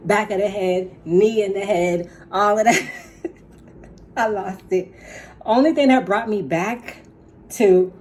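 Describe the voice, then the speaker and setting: A woman telling a story casually, emphatic and animated, with laughs and slang asides. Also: mid-range voice, a little hiss or hum. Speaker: storyteller vlogger.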